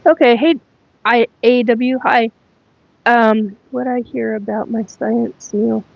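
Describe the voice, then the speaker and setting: A woman hosting a casual spiritual livestream, talking in a halting, rambling way with many fillers and asides to viewers, her voice a little cracked. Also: steady tone, creaky, no room sound. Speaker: livestream host. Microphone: earphone mic plugged in. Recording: dull lo-fi livestream audio with faint rumble.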